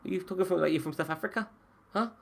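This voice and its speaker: A man's voice: high-pitched, racing, gravelly, fairly bright tone. A man hosting a podcast and running a casual chat about video games, swearing freely and often restarting his sentences. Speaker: podcast host.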